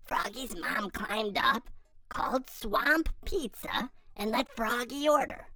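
A woman reading a children's picture book aloud in a hushed, half-whispered voice. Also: fairly high pitch, slow, heavy background noise. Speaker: storyteller.

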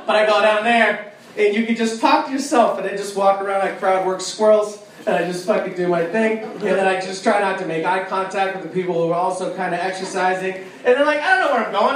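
A man doing a live stand-up set, ranting loudly and profanely on a club stage while the audience laughs. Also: high-pitched. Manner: loud, profane, ranting delivery. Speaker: stand-up comedian. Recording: echoey club recording from a distance. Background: audience ambience and laughter.

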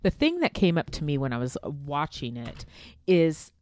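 A woman's voice: sits low, very animated, normal speed, darkish tone. A woman co-hosting a casual chat, laughing often, swearing freely and wandering off on tangents. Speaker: podcast co-host.

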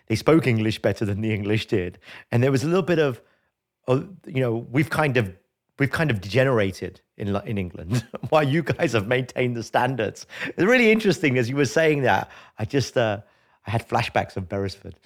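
A man hosting a conversational interview, chatty and curious, with stumbling restarts. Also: mid-range voice. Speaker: host.

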